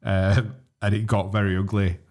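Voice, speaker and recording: A man's voice: fairly low pitch, little pitch movement, darkish tone. A young man with a Yorkshire accent co-hosting a podcast, telling a story in casual chat, swearing and laughing as he goes. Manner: rapid, swearing, laughs while telling stories. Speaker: podcast co-host.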